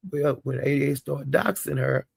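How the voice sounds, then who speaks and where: Host: a man, husky and rough, rambling gossip storyteller. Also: mid-range voice, a little slow, dry recording. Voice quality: gravelly, husky. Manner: rambling, with quoted asides. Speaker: channel host.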